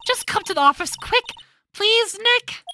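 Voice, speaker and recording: A woman voicing an excitable teenage girl who squeals eagerly and breathlessly. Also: very high-pitched, a little slow, a little hiss or hum, pitched above the performer's own voice, exaggerated voice. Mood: frantic.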